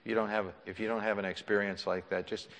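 A male pastor preaching an impassioned sermon in a church, swinging between loud pleading and hushed, soft tones. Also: lowish voice, level tone, quick pace, vocal fry. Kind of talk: sermon with altar call. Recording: long church reverb.

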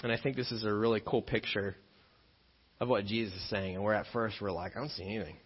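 A man preaching a sermon as pastor, an animated storyteller who acts out scenes and jokes along the way. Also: lowish voice, a little fast, breathy edge, in a large hall. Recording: dull lo-fi sermon recording.

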